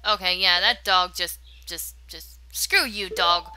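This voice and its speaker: A woman's voice: on the low side, unhurried, few pauses. A woman casually narrating a video game playthrough, with joking, sarcastic asides over game music. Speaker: let's play host. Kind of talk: let's play commentary.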